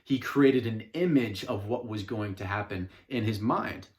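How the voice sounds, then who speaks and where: A man's voice: lowish voice, measured pace, darkish tone. Earnest man giving a home-office talk. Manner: earnest, repeats words and restarts often. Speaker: self-help vlogger. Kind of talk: casual motivational monologue. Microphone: phone camera.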